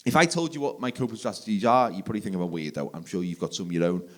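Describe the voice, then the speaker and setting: A man in his forties doing a stand-up comedy set, energetic, jumping to loud shouted punchlines. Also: fairly low pitch, racing. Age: 40s. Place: theatre stage, live audience.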